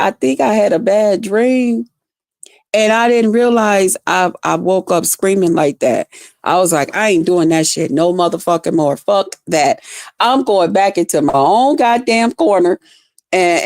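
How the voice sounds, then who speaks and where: A woman vlogger telling a story in a casual, profane, animated way, jumping into loud reenactments of herself. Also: medium pitch, no echo, clean studio sound.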